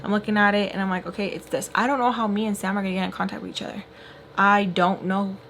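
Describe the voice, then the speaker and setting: A woman's voice: mid-range voice, fairly even intonation, quick pace, fairly bright tone, a little hiss or hum. A young woman vlogger telling a long personal story in casual chat while doing makeup, full of fillers and acted-out quotes. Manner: chatty, filler-heavy, acts out quoted voices.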